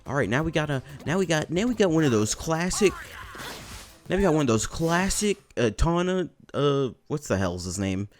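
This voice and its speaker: A man giving casual let's play commentary, excitable and self-mocking, swearing and laughing often into a desk microphone. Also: on the high side, moderate pace, faint music behind. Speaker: gameplay commentator.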